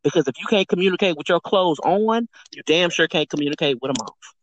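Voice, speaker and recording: A woman's voice: fairly low pitch, lively intonation, fast, dry recording, rough recording. A woman talking frankly as a guest on a podcast, emphatic and acting out quoted speech, swearing casually. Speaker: guest, sex educator. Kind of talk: candid podcast conversation.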